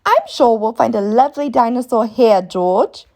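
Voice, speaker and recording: A woman reading a storybook aloud, voicing a kind, gentle mother pig who talks in a soothing, reassuring way. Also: on the high side, sing-song, normal speed.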